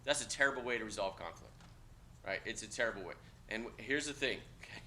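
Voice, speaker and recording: A man lecturing a class of cadets, blunt and joking, with loud outbursts. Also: on the low side, quick pace. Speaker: instructor.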